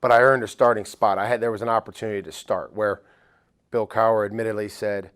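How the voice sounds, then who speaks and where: A middle-aged man with a somewhat low voice tells stories in a relaxed, rambling way, full of casual fillers. He is a football coach who is a guest on a podcast interview. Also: fast talker, clear, resonant tone. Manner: relaxed, rambling anecdotes with many "you know" fillers.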